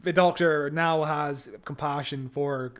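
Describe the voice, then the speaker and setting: A man co-hosting a podcast, chatting in an animated, casual way, laughing often and swearing freely. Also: a little high, slow. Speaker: podcast co-host. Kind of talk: casual review chat.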